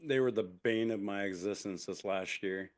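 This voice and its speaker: Easygoing low-voiced male co-host. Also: normal speed. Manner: easygoing, chimes in with quips. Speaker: podcast co-host. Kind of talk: casual podcast chat.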